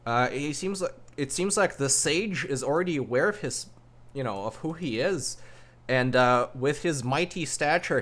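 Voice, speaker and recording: A man's voice: mid-range voice, a bit bright. Improvising male game master, full of ums. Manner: loose, filler-heavy with frequent ums. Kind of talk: improvised tabletop game narration.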